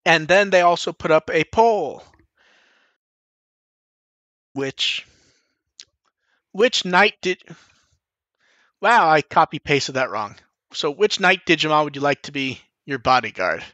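A man hosting a podcast in casual chat, rambling and animated, swearing casually. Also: a little high, a little slow, pauses often, no echo, lo-fi sound. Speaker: podcast host.

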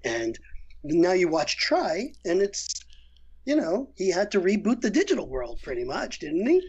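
A man's voice: on the high side, moderate pace, husky. A middle-aged man talking as a podcast guest, a voice director telling anecdotes with lots of fillers. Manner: rambling, animated storyteller with many fillers. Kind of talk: casual podcast conversation. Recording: muffled lo-fi remote audio.

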